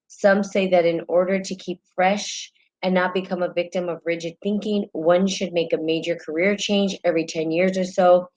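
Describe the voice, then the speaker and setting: Host, female, New Mexican accent, deep register, chatty live-stream talk that breaks off to greet viewers. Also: a little mellow, muffled recording. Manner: chatty, greets viewers mid-sentence, many ums. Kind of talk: casual live-stream talk and reading aloud.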